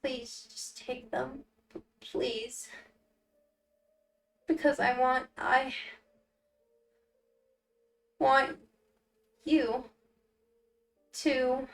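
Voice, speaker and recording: A woman voicing a timid young male coworker in a game, stuttering and pleading in a trembling, halting way. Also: sits high, fairly even intonation, roomy sound, recorded from a distance, heavily acted.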